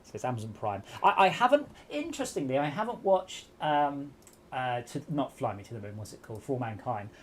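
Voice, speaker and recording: A man's voice: mid-range voice, big pitch swings, fairly quick. Man rambling through anecdotes. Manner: rambling anecdotes with many restarts. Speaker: stream host. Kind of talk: casual chat.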